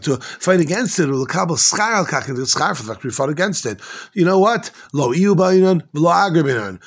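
Man, rapid excitable Talmud teacher, slightly high voice. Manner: rapid, excitable, mixing Hebrew and Aramaic with English. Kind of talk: Talmud class, translating Aramaic into English.

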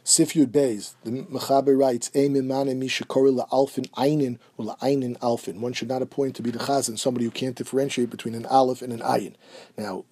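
Male teacher, husky and dark-toned, steady explanatory lecture delivery. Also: mid-range voice, fairly quick. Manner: steady explanatory, mixing Hebrew quotes with English. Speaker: Torah teacher. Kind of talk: halachic lecture.

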